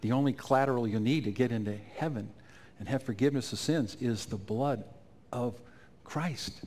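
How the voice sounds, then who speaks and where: A man telling an emotional personal testimony in a sermon at a conference, his voice climbing high and loud at the peaks. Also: moderate pace. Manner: emotional storytelling, rising to near-shouts at climaxes. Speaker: conference speaker. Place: conference stage.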